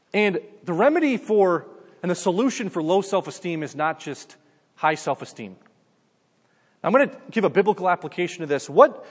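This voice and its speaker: A man's voice: high-pitched, husky, big-room sound. A man preaching a sermon in a conversational way, calling his listeners "guys" and often saying "like". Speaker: pastor.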